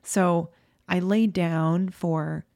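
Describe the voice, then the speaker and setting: A woman's voice: fairly low pitch, steady tone, drawn-out words, creaky, a little mellow, dry recording, studio quality. A woman vlogger candidly recounting a personal experience to her viewers, full of "like" and "um", tearful at times. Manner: candid, emotional, fillers like "like" and "um". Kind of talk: personal storytelling to camera.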